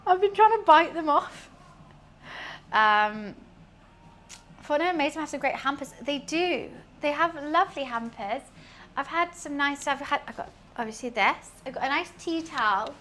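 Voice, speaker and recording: A woman's voice: sits high, moderate pace, sharp tone, slight background noise. A young British woman streaming, chatting casually and rambling while she cooks, laughing often. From United Kingdom.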